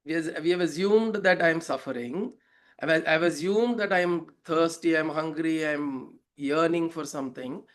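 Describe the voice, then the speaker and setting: A man explaining a scripture verse as a spiritual teacher, reflective, asking rhetorical questions and telling parables. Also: on the high side.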